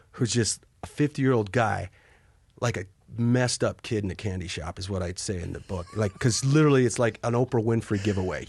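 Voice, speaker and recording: Animated storyteller man, low husky voice. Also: no echo, studio quality. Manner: animated, acts out quotes with sudden high yelps and hushed asides. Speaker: podcast guest, Army helicopter pilot. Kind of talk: casual storytelling.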